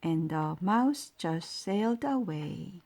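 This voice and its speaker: A woman reading children's bedtime stories aloud in a slow, sing-song manner. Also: lowish voice, lively intonation, gravelly, a little mellow. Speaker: storyteller.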